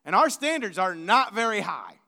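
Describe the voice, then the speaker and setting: A man's voice: sits high, very animated, moderate pace, creaky, bright, forceful tone. A male pastor preaching a sermon in an earnest, conversational way, often restarting his sentences. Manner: earnest, with frequent restarts and stammers. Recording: long hall reverb.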